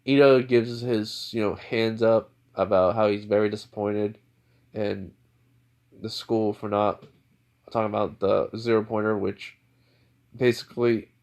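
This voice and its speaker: A man's voice: on the low side, fairly even intonation, a little slow, darkish tone. A man casually narrating an improvised fan story, rambling with lots of fillers. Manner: rambling, filler-heavy retelling.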